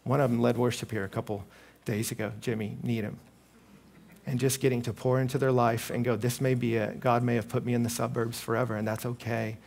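A man's voice: brisk, gravelly. A man, preaching a sermon to a live audience and telling stories animatedly, acting out the voices of the people in them. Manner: animated storytelling, acting out quoted voices with big pitch jumps.

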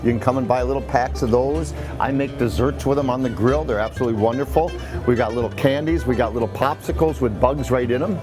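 A man hosting a folksy promotional show, chatty and quick to laugh. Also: mid-range voice. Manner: chatty salesman, laughs easily. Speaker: host. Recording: music bed underneath.

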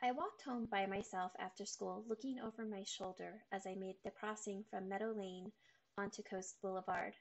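A woman reading a children's chapter book aloud in a steady storytelling manner. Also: medium pitch, moderate pace, creaky.

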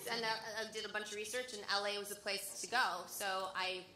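A woman's voice: mid-range voice, fairly even intonation, fairly quick, noisy background. Female voice actress from Michigan, chatty panelist, echoey hall. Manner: chatty, earnest. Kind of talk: convention panel chat.

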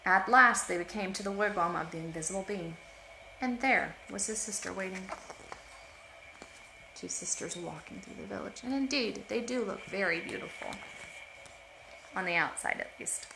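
A woman reading a picture book aloud to children at home, expressive and pausing for asides about the pictures. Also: mid-range voice, creaky, noisy background. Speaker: storytime reader. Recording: roomy home echo.

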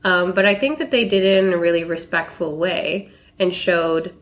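A woman's voice: on the low side, normal speed. A woman co-hosting a book podcast in casual conversation. She weighs her words thoughtfully, then giggles and teases her co-host.

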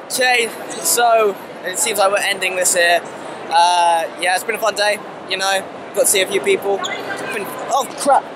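Man, high voice, excitable, joking, loud background noise. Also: moderate pace. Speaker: vlogger. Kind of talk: casual vlog chat. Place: busy convention hall. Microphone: camera mic.

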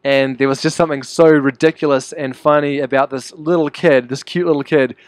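Man, New Zealand accent, young adult, musician interview guest, easygoing, slightly high voice, dry close sound. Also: fairly even intonation, fairly quick, no echo. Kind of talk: casual interview chat.

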